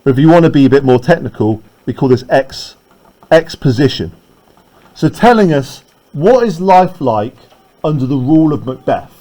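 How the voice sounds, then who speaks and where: A man's voice: mid-range voice, lively intonation, dark tone, poor audio. A man teaching a literature lesson, reading lines from a play and explaining them step by step, checking in with "right?" and "okay?". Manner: reads the verse slowly, then paraphrases quickly.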